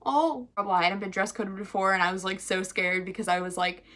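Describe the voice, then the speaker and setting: A teenage girl telling a storytime vlog, chatty and animated, full of "like". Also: mid-range voice, fairly quick. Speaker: vlogger.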